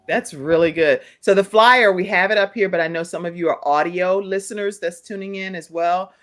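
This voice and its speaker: A woman hosting a live talk show, upbeat and encouraging, spelling out details slowly for her listeners. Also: on the low side.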